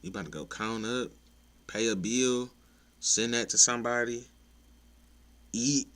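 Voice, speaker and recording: A man's voice: mid-range voice, fairly even intonation, a little slow, fairly bright tone. A young adult man ranting casually to his viewers, blunt and profane, getting exasperated at times. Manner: laid-back, blunt, profane, rises to exasperation. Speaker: content creator ranting to viewers. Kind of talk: casual opinion rant.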